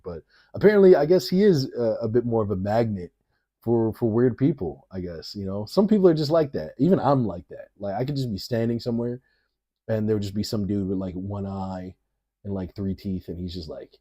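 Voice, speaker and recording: A man's voice: fairly low pitch, dark tone. A man reacting to a video in casual, rambling commentary, swearing freely and often laughing as he talks.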